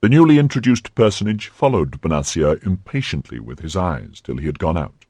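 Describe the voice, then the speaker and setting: Deep husky male audiobook narrator. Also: sing-song, brisk, dark tone, dry recording. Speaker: audiobook reader. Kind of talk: scripted narration.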